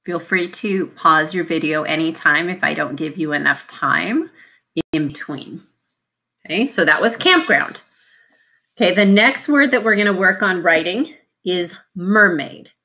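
Slowly and patiently, a female teacher guides young students through spelling, sounding out each syllable and letter. Her voice is slightly low but bright and clear in tone.

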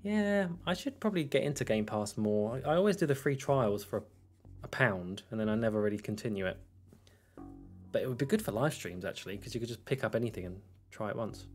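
A man's voice: medium pitch, lively intonation, a little fast, darkish tone, faint music behind. A man chatting casually on a live game stream, rambling through viewer questions with easy laughter. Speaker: gaming streamer. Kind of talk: casual live-stream chat while playing.

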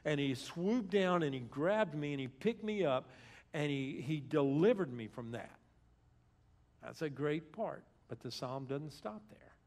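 A man preaching in a church with a gravelly, slightly high voice. He talks casually and retells scripture as if chatting with the crowd. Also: animated, unhurried, darkish tone. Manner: conversational preaching, acts out scripture in everyday speech. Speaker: guest speaker. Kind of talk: sermon.

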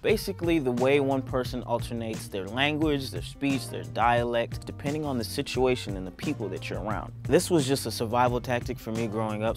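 Playful young man switching accents. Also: medium pitch. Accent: mix of British and American. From England. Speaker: video presenter. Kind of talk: casual explainer to camera.

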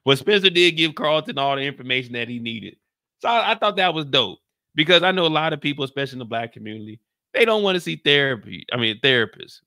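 A man hosting a casual TV recap, animated and slangy, often laughing. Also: medium pitch, fast talker, dry recording, clean studio sound. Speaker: show recap host. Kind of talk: casual commentary.

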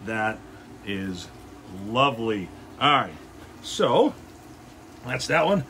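A man's voice: medium pitch, sing-song, slow, fairly bright tone, slight background noise. A man hosting a casual cooking livestream from his backyard, upbeat and jokey, chatting with viewers as he cooks. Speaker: grill show host. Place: backyard grilling area, outdoors.

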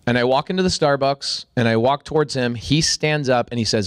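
A man talking as a podcast guest, telling a story with energy and jumping into high, excited voices when he acts out what people said. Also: a little fast, clear, resonant tone, no room sound. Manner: acts out quoted dialogue with sudden high-pitched bursts. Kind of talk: animated storytelling in conversation.

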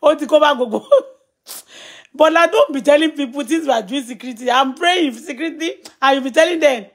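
A woman's voice: high-pitched, a little fast. A woman in her thirties with a Nigerian Yoruba accent, chatting casually on a live stream, laughing often and reading viewer comments aloud. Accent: Nigerian, Yoruba-speaking.

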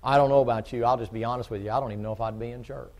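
A middle-aged man preaching a folksy sermon, shifting from quiet storytelling to loud, fervent preaching. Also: mid-range voice, steady tone, very fast.

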